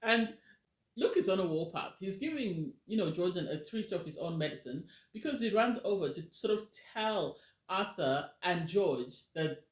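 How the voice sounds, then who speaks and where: A woman casually reviewing a reality TV episode, animated and ranting, often acting out what people said. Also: lowish voice, moderate pace. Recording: roomy echo.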